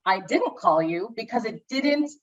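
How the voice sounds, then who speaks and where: A woman's voice: on the high side, lively intonation, a little slow, dull audio. A woman co-hosting a podcast in casual chat about films, gushing and rambling with many restarts and acted-out asides. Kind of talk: casual movie review chat.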